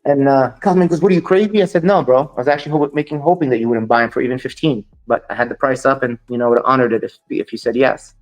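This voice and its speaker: A man's voice: medium pitch, fast, hardly any pauses, faint music behind. A man as an interview guest, a dog breeder, talking bluntly and quoting others as he tells his stories. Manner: blunt, dismissive of critics, quotes others in dialogue. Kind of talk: storytelling interview.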